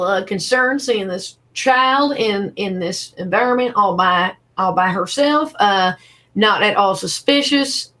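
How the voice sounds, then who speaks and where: Woman player, slightly high voice, dry and teasing. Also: a bit bright. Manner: wry, teasing. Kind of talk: tabletop role-play.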